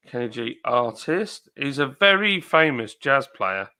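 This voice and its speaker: A man hosts a relaxed live stream, reading out viewer comments and wandering off on tangents as he goes. His voice is bright and forward. He sits at a middle pitch for a man. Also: slow pace, few pauses, clean tone. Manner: chatty, rambling, reads comments aloud. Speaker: livestream host reading viewer chat. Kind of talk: casual chat.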